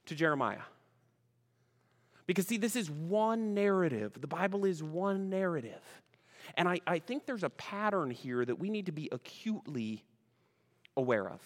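High-voiced man preaching, long reverb. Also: fairly bright tone. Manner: chatty, greets online viewers by name; asks the congregation questions. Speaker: pastor. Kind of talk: sermon. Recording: long reverb of a large room.

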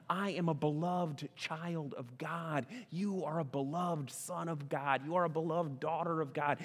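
A man preaching a sermon as a pastor, speaking emphatically and swinging between loud passages and hushed ones. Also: on the high side. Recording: long reverb of a large hall.

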